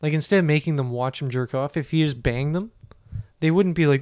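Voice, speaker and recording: A man's voice: fairly high pitch, brisk, darkish tone, no echo, studio quality. A man co-hosting a podcast in loose, crude, laughing casual banter. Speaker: podcast co-host. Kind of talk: casual chat.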